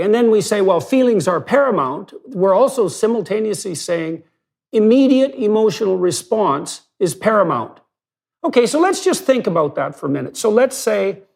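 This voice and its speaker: A man's voice: high voice, vocal fry, a little mellow. A man explaining ideas in an analytical, lecturing way, blunt and emphatic, building his points through hypothetical examples. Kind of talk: analytical lecture-style conversation.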